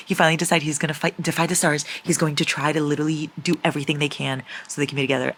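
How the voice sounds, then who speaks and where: A woman's voice: deep voice, gravelly, a bit bright, a little hiss or hum. A young woman book vlogger chatting casually and dramatically about a novel she is reading, with emotional outbursts. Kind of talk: casual reading vlog chat.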